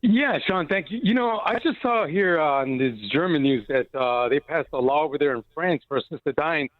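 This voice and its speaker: A male caller chats casually and agreeably with a radio host. His voice comes through a tinny phone line, slightly high for a man. The sound is dry and boxy. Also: lively intonation, normal speed, dry recording. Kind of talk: phone-in chat.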